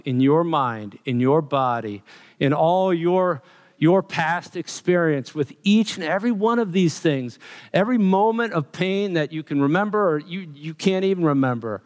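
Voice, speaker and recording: Male preacher, sermon delivery: slightly high, smooth, resonant voice, slow and emphatic, long church reverb. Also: lively intonation, a little mellow. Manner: emphatic, builds repeated lists of phrases. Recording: long reverb of a large hall.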